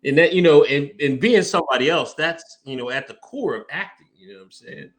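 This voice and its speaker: A man in casual podcast talk, a bit high-pitched and expressive. He rambles along with plenty of "you know" and "man". The delivery stays loose and conversational. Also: a little fast. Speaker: podcast co-host. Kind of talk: casual chat.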